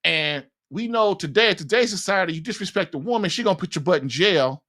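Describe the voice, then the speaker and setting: A man's voice: high voice, animated, a little fast, bright, forceful tone. A man talks through marriage advice in a loose, conversational monologue. He is blunt and folksy, and he laughs at his own points as he goes. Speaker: podcast host giving marriage advice.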